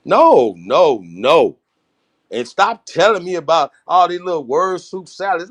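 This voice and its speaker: A man's voice: high-pitched, big pitch swings, brisk, a bit bright. A man hosting a livestream, talking bluntly and emphatically, with a lot of swearing. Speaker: host. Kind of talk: livestream political talk.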